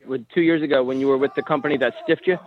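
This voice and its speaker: A man's voice: medium pitch, fairly even intonation, racing. A man calling in as a guest, a baseball coach, chatting easily about sports. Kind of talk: casual sports chat. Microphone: phone call. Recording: tinny phone line.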